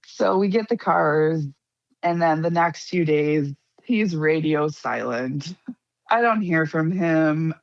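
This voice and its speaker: A woman's voice: low voice, dry recording, muffled recording. A young woman telling a personal story casually, acting out the dialogue of others. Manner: lively, acts out quoted dialogue. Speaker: interviewee recounting being scammed.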